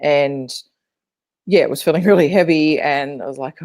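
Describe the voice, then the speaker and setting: A woman with a bass voice co-hosts a podcast of casual spiritual chat, telling stories in a rambling, relaxed way full of fillers. She speaks briskly with fairly even intonation and a darkish tone, and there's no echo.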